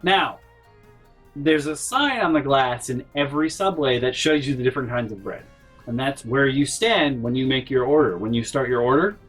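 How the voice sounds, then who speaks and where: A man vlogger telling a comedic story in an animated, exasperated way. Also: mid-range voice, moderate pace, low-quality recording. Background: faint background music.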